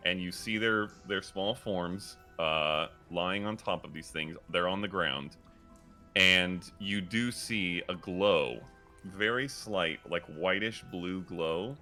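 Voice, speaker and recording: A man with a very low voice and a bright, forceful edge runs a tabletop game as dungeon master. He lays out each scene slowly and descriptively, pausing on fillers as he talks. Faint music plays behind him. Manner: slow, descriptive scene-setting with frequent fillers.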